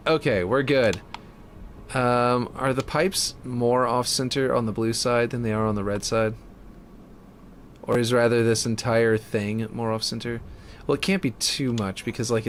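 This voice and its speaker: Man thinking aloud while building. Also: medium pitch. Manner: chatty, thinking aloud, puzzled muttering. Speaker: map builder streaming his work. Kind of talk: casual talk while working on a game map.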